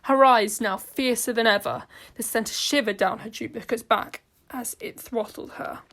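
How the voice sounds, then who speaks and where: A woman with a fairly high voice narrates a homemade audio story, reading the scenes aloud in an earnest, steady way without much fuss. She keeps a moderate pace.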